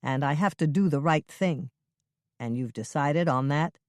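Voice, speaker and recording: Young widow in hiding, voiced by the narrator, earnest and steady. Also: mid-range voice, measured pace, dry recording, close to an everyday voice. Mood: resolute. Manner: earnest, pleading, firm. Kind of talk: audiobook reading.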